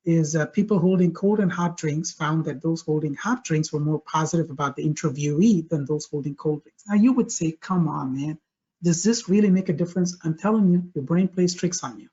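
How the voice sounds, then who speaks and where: A man with a high voice presents a webinar over a video call, speaking with energy and stressing his points by repeating them. The call audio sounds a little dull and lo-fi. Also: a little fast, few pauses, slightly rough. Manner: energetic, emphatic, repeats key phrases.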